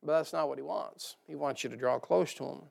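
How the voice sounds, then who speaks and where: A man's voice: a little high, fairly quick, creaky. A man preaching a sermon to a church, folksy and joking, rising to emphatic bursts. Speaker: pastor. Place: church sanctuary.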